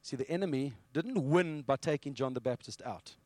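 A man preaching a sermon with animated storytelling. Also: mid-range voice, moderate pace, no room sound. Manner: animated storytelling, acting out scenes.

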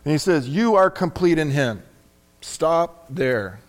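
A man preaching a sermon in a somewhat high voice. He hammers points home by repeating short phrases. He slips easily into casual, joking asides. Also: animated, slow. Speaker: pastor.

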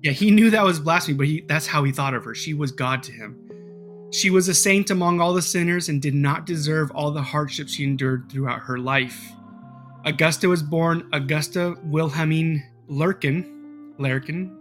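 A man's voice: on the high side, normal speed, a bit bright, faint music behind. A man hosting a casual podcast, telling a story in a rambling way with lots of fillers and swearing. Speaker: podcast host.

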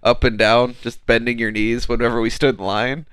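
Smooth-voiced joking podcast co-host. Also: male voice, mid-range voice, flat delivery, fairly bright tone, dry recording. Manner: joking, rambling storyteller with quick asides. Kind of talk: casual comedic chat.

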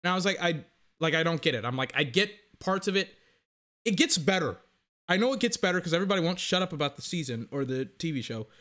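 A man ranting casually to camera about a TV series, rambling and animated, with lots of restarts and fillers. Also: a little high, quick pace. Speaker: vlogger reviewing a TV series.

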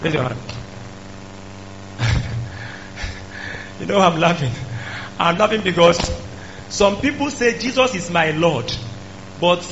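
A male preacher, delivering an emphatic sermon that rises to shouts. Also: high voice. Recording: dull lo-fi recording with faint hum.

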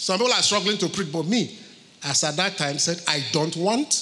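A man preaches a sermon to his congregation, driving points home through repetition. His voice sits high and sounds bright and forceful. The recording carries a long reverb from the church hall. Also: moderate pace, a little hiss or hum. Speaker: pastor.

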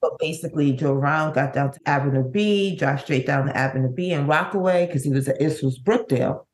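A middle-aged woman, a bereaved mother, telling her story in an interview, with halting, vivid recounting and many restarts. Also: low-pitched, a little mellow. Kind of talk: emotional personal storytelling.

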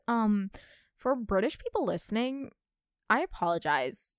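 A young woman hosts a casual storytime podcast, chatty and expressive as she reads listener stories aloud. Her slightly high voice swoops up and down a lot. The sound is dry and close. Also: moderate pace, no room sound. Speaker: podcast host.

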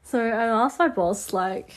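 A young woman hosting a casual podcast, chatty and rambling, her voice hoarse and nasal from a cold. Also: fairly high pitch, measured pace. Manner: chatty, rambling, laughs often. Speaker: podcast host.

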